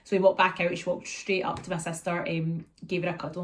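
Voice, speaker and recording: Scottish woman, casual vlog chat, lively storyteller who acts out the bits. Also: lowish voice, fairly quick. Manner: chatty and animated, acts out scenes and quotes her kids. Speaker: vlogger catching up with viewers.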